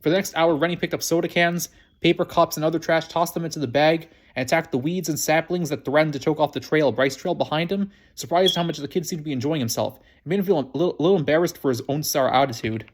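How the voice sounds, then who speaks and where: A man reading a children's novel aloud, quick and prone to restarting phrases. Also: on the high side. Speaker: reader.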